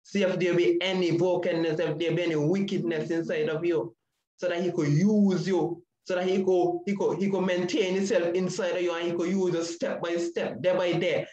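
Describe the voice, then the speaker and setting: A man's voice: high-pitched, flat delivery, moderate pace, a little mellow, roomy sound, muffled recording. A man giving an impassioned testimony in a repetitive preaching cadence. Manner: preaching cadence with repeated phrases. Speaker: panel speaker sharing testimony.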